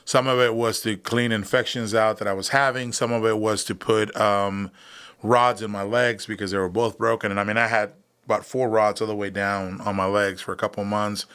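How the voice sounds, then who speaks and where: A man in his thirties, a veteran appearing as a podcast guest, candidly tells his story in a casual chat, using lots of fillers and acting out quoted dialogue. His voice is on the low side with little pitch movement, a little fast, with a fairly bright, clean tone.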